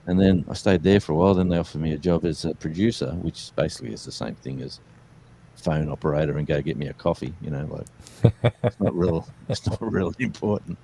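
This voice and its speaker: A man with a low voice and a dark, relaxed tone, chatting as a guest. He tells his stories in a loose, rambling way, full of fillers and restarts. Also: fairly quick, a little hiss or hum. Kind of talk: casual storytelling chat.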